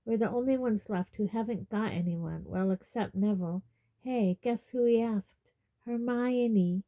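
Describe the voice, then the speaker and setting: A woman's voice: medium pitch, a little slow, dark tone, muffled recording, lightly acted. A woman voicing a mortified teenage boy who talks wildly and rambles in gasps. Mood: rueful. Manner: wild, gasping, rambling.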